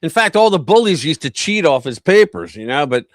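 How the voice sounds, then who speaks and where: A man's voice: on the high side, brisk, no echo, clean studio sound. A man co-hosting a live stream, telling a story in a casual chat and acting out the quoted voices. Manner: animated, acts out quoted voices. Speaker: co-host.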